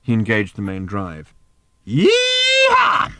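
Wry, measured male audiobook narrator; low voice with an animated lilt, dry close recording. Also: dry recording.

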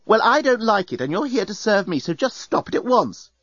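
A man's voice: high-pitched, sing-song, brisk, a bit bright, dry recording, pitched above the performer's own voice, full character voice. A man voicing a prim young woman who speaks in a cross, formal, precise way. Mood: stern. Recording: dull, muffled sound.

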